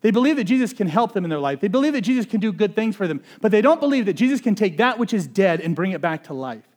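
Animated high-voiced male preacher. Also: fast talker. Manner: animated, swinging between loud emphasis and hushed intensity; conversational, uses "like" often. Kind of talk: expository sermon.

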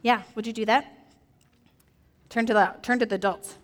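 Lively woman leading a children's Bible talk, with a bright, playful delivery in a long-echo church hall. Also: on the high side, moderate pace, a little hiss or hum. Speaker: children's message teacher. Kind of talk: animated Bible story for children.

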